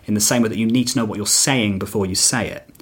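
Male comic, husky and lowish, loose reflective podcast talk. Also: fast talker. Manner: reflective, rambling with fillers and restarts. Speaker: stand-up comedian guest. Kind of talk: casual podcast chat.

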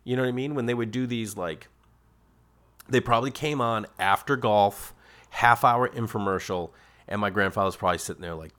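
A man's voice: fairly low pitch, normal speed. A middle-aged man, hosting a podcast in a comedic, casual monologue that jumps into exaggerated voices. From Massachusetts. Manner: animated storytelling with exaggerated quoted voices. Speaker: podcast host.

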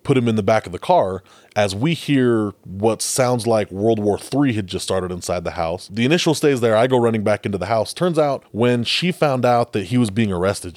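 A man's voice: mid-range voice, a little mellow, dry recording. A man, a police officer, casually telling a story about a call on a podcast. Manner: laid-back, swears casually.

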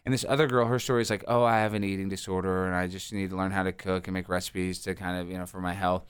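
A man in his thirties, a guest telling rambling, animated stories with lots of fillers. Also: low voice, quick pace, smooth, no echo. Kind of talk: casual interview storytelling.

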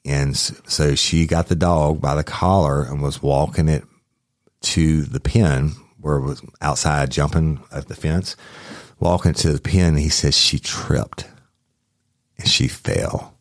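A man's voice: very deep voice, steady tone, a little slow, no echo, studio quality. A man tells a police story in a casual, rambling way, with restarts and swearing. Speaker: podcast host recounting a police case.

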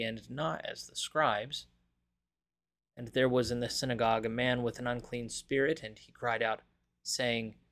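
A man's voice: mid-range voice, fairly bright tone. Man reading scripture reverently. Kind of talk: Bible reading and prayer.

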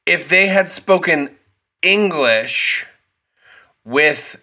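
A man's voice: fairly high pitch, lively intonation, drawn-out words, bright, forceful tone. A man co-hosting a casual movie podcast, arguing his point with teasing and frequent laughter. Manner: argumentative, teasing, laughs often. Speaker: podcast co-host.

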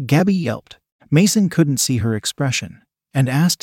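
Male narrator, steady read-aloud, mid-pitched, dry close sound. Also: measured pace, slightly rough, no echo. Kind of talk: scripted narration of an adult story.

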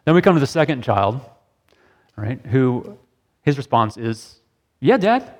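A middle-aged man leads a sermon in a relaxed, conversational way, asking the group questions and punctuating points with "right?". His voice sits at a medium pitch, and it rings out in a long hall reverb. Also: measured pace. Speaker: pastor. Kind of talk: interactive sermon discussion.

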